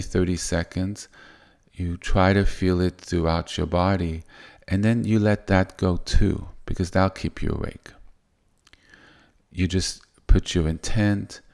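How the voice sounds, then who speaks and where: Slow, gravelly, deep-voiced male teacher. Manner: soft-spoken and unhurried, with frequent restarts. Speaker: spiritual teacher. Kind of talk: guided spiritual teaching.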